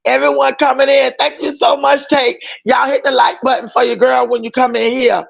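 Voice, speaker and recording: Brief: outspoken woman streamer, high gravelly voice, dull lo-fi audio. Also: flat delivery, moderate pace. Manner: emphatic, outspoken, often raising her voice. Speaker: livestream reaction host. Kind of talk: casual livestream commentary.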